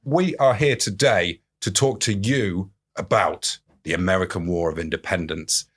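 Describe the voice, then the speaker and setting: A man's voice: low voice, moderate pace, a little hiss or hum. A man co-hosting a podcast, telling history with jokes and rambling asides to a live audience. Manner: jokey, rambling, self-interrupting. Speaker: podcast co-host and storyteller. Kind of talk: comic history chat before a live audience. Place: small live venue with an audience.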